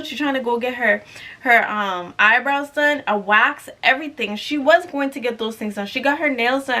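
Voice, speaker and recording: A young woman telling a storytime vlog in an animated, sassy way with mocking asides. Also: high-pitched. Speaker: YouTuber.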